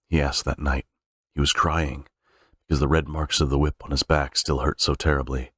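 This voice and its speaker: Man reading a novel, extremely deep voice, halting restarts, dry close sound. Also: little pitch movement, fairly bright tone, slightly rough, dry recording. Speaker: reader.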